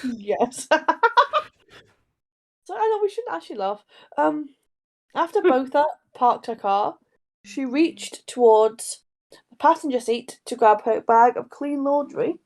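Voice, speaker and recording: A young woman co-hosting a casual true crime podcast rambles and interrupts her own story. Her high, slightly mellow voice is animated, with a measured pace and long pauses.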